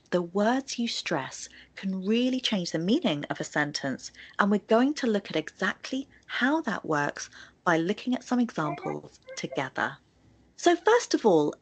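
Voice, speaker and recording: A woman's voice: mid-range voice, slightly rough. A woman presenting a scripted video lesson on sentence stress, explaining with spoken examples. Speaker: English tutor in a video.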